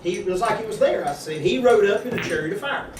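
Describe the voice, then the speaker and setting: A man telling a folksy, animated testimony at a church gathering, acting out the voices in his story. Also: high-pitched, quick pace. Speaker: church member giving a testimony. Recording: echoey room, distant mic, audience noise.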